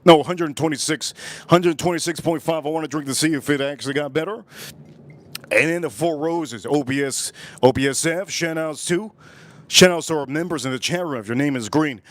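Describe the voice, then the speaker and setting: A man's voice: on the high side, a little fast, a bit bright. A middle-aged man hosting a casual livestream from home, rambling and repeating himself as he talks straight to his viewers. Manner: rambling, repeats phrases, addresses viewers directly. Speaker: livestream host.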